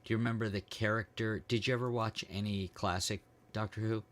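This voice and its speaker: A man's voice: on the low side, fairly even intonation, a little fast, a bit bright. A middle-aged American man co-hosting a podcast, rambling and joking in casual chat, trailing off with ums as he hunts for words. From United States. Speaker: podcast co-host.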